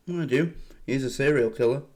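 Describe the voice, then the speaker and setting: A man hosting a reaction video, rambling excitedly and swearing as he comments. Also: medium pitch, quick pace.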